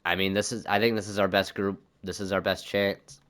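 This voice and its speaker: A man's voice: deep voice, level tone, fairly quick, a bit bright. A young man commenting on his own hockey video game season, thinking aloud and swearing when things go wrong. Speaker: gaming YouTuber.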